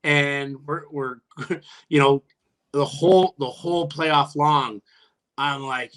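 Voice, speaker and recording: Brief: male podcast guest, ex-athlete, bright, somewhat high voice, profane and laughing. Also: fairly even intonation, slow pace, long pauses, clear, resonant tone. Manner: profane, laughing storyteller with many restarts; jumps much higher when quoting his own taunts. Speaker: guest, retired hockey player. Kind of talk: casual podcast storytelling.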